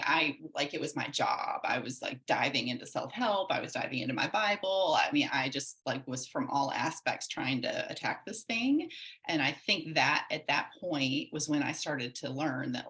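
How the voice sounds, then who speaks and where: A woman in her forties with a low, deep-set voice tells her own story as a podcast guest. She speaks in an earnest, reflective way, with loose run-on sentences. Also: a bit bright. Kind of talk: candid personal storytelling.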